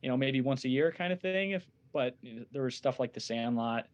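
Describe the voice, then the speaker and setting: A young adult man, a guest on a casual movie podcast, talking in a measured, agreeable way. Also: medium pitch, expressive, dull audio.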